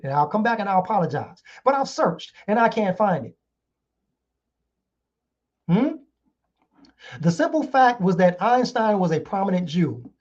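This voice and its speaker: A man's voice: high-pitched, a little mellow. Heated man lecturing, lo-fi sound. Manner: rhetorical, keeps asking "hmm?", heated. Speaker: online show host. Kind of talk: casual lecture reading articles. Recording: dull lo-fi sound.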